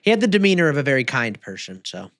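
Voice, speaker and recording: A man's voice: mid-range voice, very animated, fast, a bit bright, dry recording. A man co-hosting a sports podcast, chatting casually, swearing freely and laughing often. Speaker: podcast co-host.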